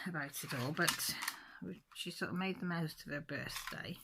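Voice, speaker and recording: Casting a chatty woman in her forties, slightly low voice with a crisp, bright edge, rambling craft chat. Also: moderate pace, slight background noise. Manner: chatty, rambling, corrects herself mid-sentence. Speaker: crafting channel host. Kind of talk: casual chat while crafting.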